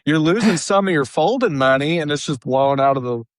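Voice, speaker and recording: Animated man on a podcast. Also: fast talker, dry recording. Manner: animated, does silly high voices when quoting. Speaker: podcast co-host. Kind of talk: casual chat.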